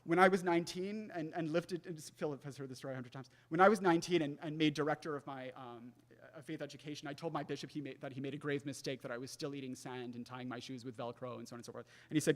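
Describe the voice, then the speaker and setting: A young man giving a faith talk, telling a personal story in an earnest way and often dropping to a soft hush. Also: medium pitch. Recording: long hall reverb.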